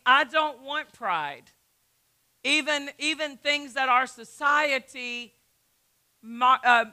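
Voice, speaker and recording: A woman's voice: high-pitched, bright, forceful tone. A middle-aged woman pastor preaching a sermon. She teaches emphatically, asks rhetorical questions, and often repeats words and restarts.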